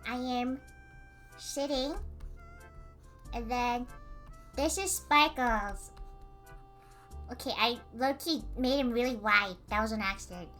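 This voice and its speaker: High, bright-voiced woman telling a story. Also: takes it slowly, pauses often, faint music behind. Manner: animated, filler-heavy, laughing retelling. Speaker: streamer. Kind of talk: casual storytelling.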